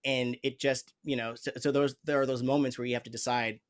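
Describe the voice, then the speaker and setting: A man's voice: mid-range voice, flat delivery, a little fast, smooth. A man hosting an interview who talks in an earnest, reflective way, often searching for his words as he explains his thoughts as an improv teacher. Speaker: host. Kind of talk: conversational interview.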